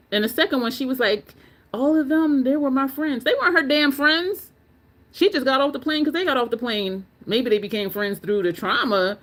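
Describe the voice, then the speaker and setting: This woman runs a beauty livestream, responding to viewers in an opinionated, meandering style full of ums and false starts. She speaks in a higher register with a fairly bright tone, keeping the chat casual.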